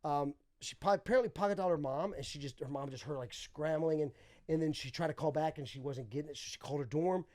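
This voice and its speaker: A young man on a podcast, telling a wild story with lots of laughter and quick voices for the people in it. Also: a little high, darkish tone. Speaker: podcast guest. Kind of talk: casual storytelling.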